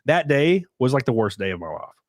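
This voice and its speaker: A young man hosting a podcast in casual chat, animated and profane, reading viewer comments and breaking into sudden loud yelps. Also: mid-range voice, brisk, no echo, clean studio sound. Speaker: podcast host.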